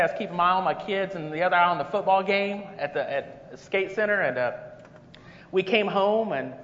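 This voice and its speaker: High bright-voiced man preaching a sermon. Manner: folksy and conversational, with rising energy. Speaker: guest preacher. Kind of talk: sermon with personal stories. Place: church sanctuary. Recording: long reverb, dull lo-fi sound.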